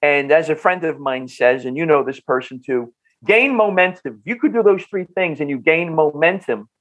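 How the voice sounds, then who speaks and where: A man with a North Jersey accent speaks as a podcast guest, a little higher in pitch than most men. He is animated and keeps restarting his sentences with repeated words. The sound is dull and lo-fi. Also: moderate pace. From New Jersey. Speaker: health practitioner guest. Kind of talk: podcast interview.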